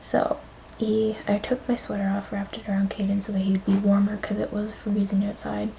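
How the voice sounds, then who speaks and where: A woman's voice: mid-range voice, monotone, normal speed, gravelly, mellow, a little hiss or hum, rough recording. Shaky, whispery young woman vlogger. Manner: shaky, emotional, often dropping to a whisper. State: on the verge of tears. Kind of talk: casual storytime vlog.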